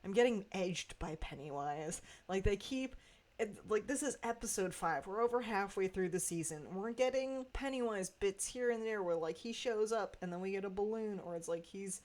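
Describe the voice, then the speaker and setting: A woman giving a casual, animated review of a TV episode, laughing often and swearing freely. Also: medium pitch, normal speed. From Pacific Northwest, USA. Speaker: YouTube reviewer.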